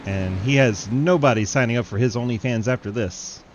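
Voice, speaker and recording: A man giving live, joking play-by-play commentary on an online race, laughing often and getting excited at crashes. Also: medium pitch, normal speed, highs cut off, a little hiss or hum. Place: home setup, online sim race broadcast.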